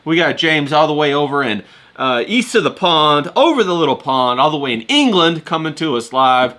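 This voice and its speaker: A man's voice: on the high side, sing-song, normal speed, sharp tone. A man hosting a casual livestream chat, easygoing and full of fillers, laughing often. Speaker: host.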